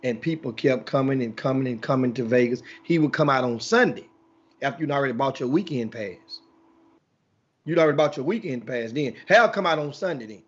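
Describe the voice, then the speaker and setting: A man's voice: medium pitch, animated, fairly quick, slightly rough, lo-fi sound. A man hosting a casual sports talk show, telling a long rambling story with many restarts.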